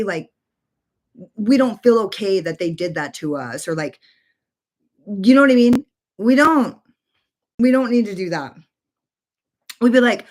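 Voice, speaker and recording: Woman, 40s, makeup streamer; casual, rambling, profane chat from her bedroom. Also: medium pitch. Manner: rambling, filler-heavy, swears freely. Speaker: makeup livestreamer.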